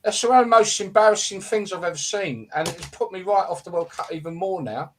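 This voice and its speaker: A man's voice: high voice, fairly quick, fairly bright tone, slight background noise. A man hosting a live football show, delivering an exasperated, sweary, rambling rant. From England.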